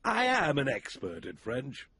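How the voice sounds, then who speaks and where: Boastful cartoon pig dad, gravelly, wildly swinging pitch, unhurried, chuckling bluster, faint hiss behind. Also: male voice, huge pitch swings, bright, forceful tone, full character voice. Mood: bumbling, proud. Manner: chuckling, self-assured bluster.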